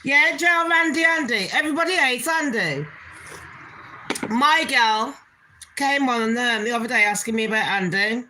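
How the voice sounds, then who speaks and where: A woman's voice: a little high, lively intonation, moderate pace, pushed and bright. A woman hosting her own channel, ranting bluntly in casual commentary and swearing heavily with open scorn. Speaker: channel host.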